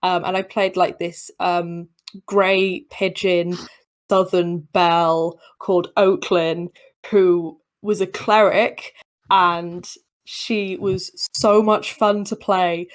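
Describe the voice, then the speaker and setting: A woman's voice: lowish voice, little pitch movement, takes it slowly. A woman guest in a casual podcast chat, rambling and self-deprecating with many restarts.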